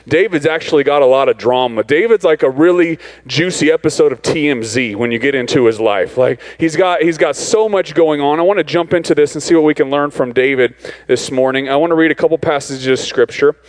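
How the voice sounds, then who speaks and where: A man's voice: fairly high pitch, rough recording. A man from Arizona preaching as a visiting pastor in a church, joking with the congregation in a loose, conversational way. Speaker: guest pastor. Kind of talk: sermon. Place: church sanctuary.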